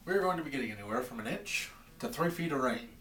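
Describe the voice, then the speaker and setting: A man's voice: mid-range voice, expressive, fast, fairly bright tone, roomy sound, far from the mic, a little hiss or hum. Wry rambling man ranting in a basement. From Maine. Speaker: vlogger. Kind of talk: comedic rant vlog. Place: home basement.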